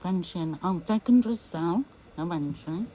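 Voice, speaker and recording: A woman's voice: fairly low pitch, mellow, breathy edge, low-quality recording. A woman recounting a personal ordeal as an interviewee, acting out what others said to her. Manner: slow recounting that acts out quoted speech. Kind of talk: personal storytelling.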